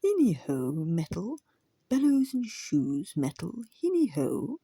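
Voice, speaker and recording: A woman's voice: on the low side, huge pitch swings, slow, warm tone, breathy edge, no echo, full character voice. A woman voicing an eager, proud male fairy pony in a storybook reading. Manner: eager and calling out.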